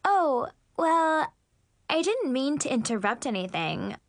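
A fake-sweet, snobby teenage girl who gushes in a high, sugary, drawn-out voice, as a woman narrator puts her on. The sound is close and completely dry, with no room at all. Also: sing-song, no echo, exaggerated voice. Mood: gushing.

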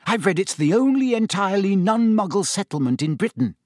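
A man reading an audiobook and voicing a keen, bookish schoolgirl who is eager and quick to scold. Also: high-pitched, sing-song, dry recording, studio quality, pitched above the performer's own voice. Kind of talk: audiobook character voice.

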